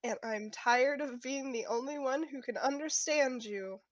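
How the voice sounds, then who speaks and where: An earnest young girl, voiced by a woman at the game table, speaks heartfelt words to her oldest friend. The voice sits a little high. The sound is close and dry. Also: unhurried, no room sound. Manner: earnest, heartfelt speech to a pet.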